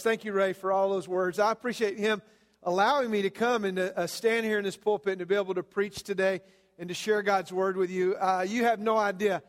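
Man, Southern US accent, guest preacher, high-pitched, folksy, reverberant church. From American South. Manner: folksy, filler-heavy, lots of "uh" and "man". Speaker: guest pastor. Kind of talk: sermon with humorous stories. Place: church sanctuary. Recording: long reverb of a church hall.

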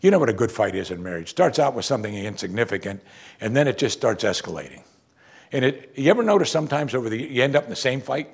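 A man's voice: medium pitch, big pitch swings, quick pace, creaky, slightly rough. A man preaching a sermon as a pastor, talking in a conversational way and asking his listeners rhetorical questions.

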